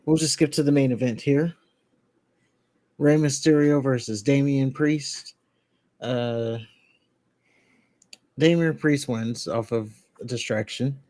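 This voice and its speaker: Man, podcast co-host, casual rambling recap, mid pitch, dry close sound. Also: slow, long pauses, darkish tone, dry recording. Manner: rambling recap with laughs and restarts. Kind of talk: casual wrestling recap chat.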